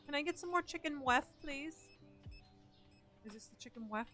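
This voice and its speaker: A woman live-streaming from home, chatting in a self-mocking way as she plays and sometimes yelling loudly at the customers in the game. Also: sits high, animated, moderate pace, music in the background. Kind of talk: casual live-stream commentary while gaming.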